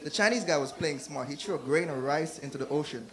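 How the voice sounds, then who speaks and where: A man's voice: fairly high pitch, fast talker. Jamaican man doing stand-up. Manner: puts on voices for characters in his jokes. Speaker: stand-up comedian. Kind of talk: stand-up comedy set. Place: comedy club stage.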